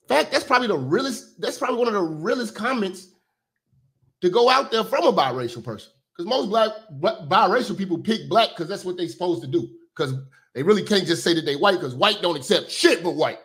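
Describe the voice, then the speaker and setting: A man's voice: high-pitched, lively intonation, fairly quick, a bit bright. A man hosting a casual reaction commentary, ranting bluntly and profanely about what he watches. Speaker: commentary host.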